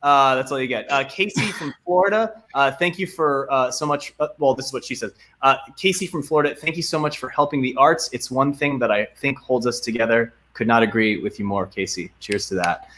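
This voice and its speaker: A young man speaks from home over a video call, and his voice comes through bright and clear. He reads donor names with plenty of uhs and ums and thanks each one warmly. The pitch sits in a middle range for a man. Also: a little fast, few pauses. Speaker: guest actor. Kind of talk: casual video-call chat.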